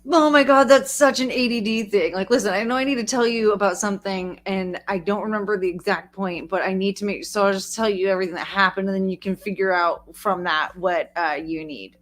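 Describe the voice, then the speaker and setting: A woman's voice: mid-range voice, brisk, few pauses. A woman co-hosting a casual podcast, teasing and laughing often. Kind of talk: casual chat.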